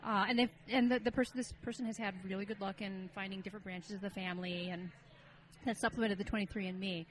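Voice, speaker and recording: A woman co-hosting a podcast, explaining things in a thoughtful, measured way in casual chat. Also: mid-range voice, fairly even intonation, slight background noise, rough recording. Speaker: podcast co-host.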